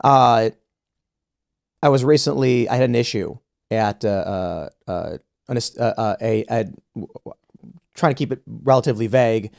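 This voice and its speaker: Man telling an animated anecdote. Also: mid-range voice, normal speed, vocal fry, long pauses. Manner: animated storyteller acting out quoted exchanges, frequent restarts. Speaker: podcast host. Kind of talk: casual conversation, storytelling.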